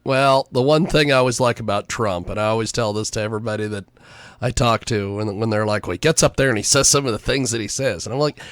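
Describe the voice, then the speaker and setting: A man's voice: fairly low pitch, quick pace, a bit bright, clear, resonant tone, dry recording. A man hosting a radio interview, chatty and easygoing, laughing often and tripping over his words. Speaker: radio host. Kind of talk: casual interview chat.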